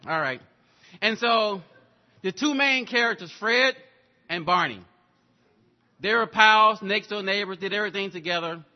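A man preaching a sermon, telling a story and swinging between loud exclamations and hushed asides. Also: sits high, measured pace, pauses often, lo-fi sound. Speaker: pastor.

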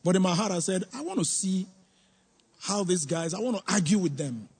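A man's voice: high-pitched, expressive, normal speed, a little mellow, husky. A middle-aged man telling his personal testimony to a congregation, earnest and reflective, repeating words for emphasis. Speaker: church member giving testimony.

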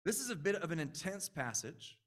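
Bright-voiced male pastor preaching casually. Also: fairly high pitch, very animated, a little fast. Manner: conversational, earnest, with restarts. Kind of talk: sermon.

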